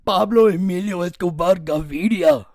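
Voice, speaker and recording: A raspy-voiced man imitating a menacing male drug lord from a crime series, speaking in a slow, weighty way. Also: high voice, darkish tone, no room sound, studio quality, voice pushed up, lightly acted.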